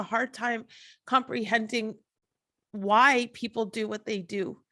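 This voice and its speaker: A woman's voice: on the high side, fairly even intonation, slow, bright, forceful tone. A woman host giving an emotional solo monologue, impassioned and profane, full of restarts and rhetorical questions. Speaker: podcast host.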